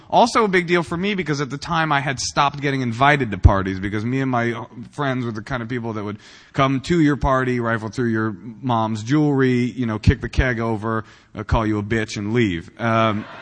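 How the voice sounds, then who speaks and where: A man of ordinary pitch, from Northern California, tells his own story to a recovery meeting with a joking, self-mocking manner. He rambles and restarts often, padding with fillers. His voice carries the long reverb of a meeting hall. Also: fairly bright tone. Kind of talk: humorous personal recovery talk. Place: meeting room.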